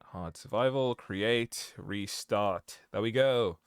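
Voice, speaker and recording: A man's voice: on the low side, slow, clear, resonant tone, no room sound, clean studio sound. A young man chatting casually on a live stream while he plays, rambling and breaking into giggles. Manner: giggly, keeps breaking into laughter; rambling, self-interrupting. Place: home room.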